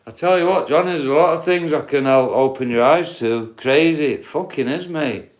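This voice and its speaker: A man's voice: a little high, moderate pace. A man with a Yorkshire accent hosting a livestream, telling rambling, sweary stories and chatting to his viewers. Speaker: livestream host.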